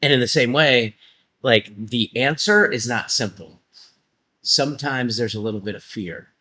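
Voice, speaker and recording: A man's voice: medium pitch, animated, normal speed, sharp tone. A man, a coach and guest, answering thoughtfully, hedging and often checking in with "right?". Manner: thoughtful, hedging, repeats phrases and tag "right?". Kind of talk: casual conversation.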